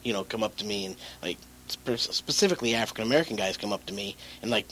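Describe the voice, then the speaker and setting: A man's voice: fairly low pitch, fast, a bit bright, poor audio. Man, guest, casual storytelling, restarts, laughs, light noise. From California. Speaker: guest, radio personality and rapper. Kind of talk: casual interview chat.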